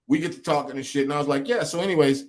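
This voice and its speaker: A man co-hosting a podcast in casual chat, telling stories in an animated, profane way and mocking his co-host with impressions. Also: a little high, racing.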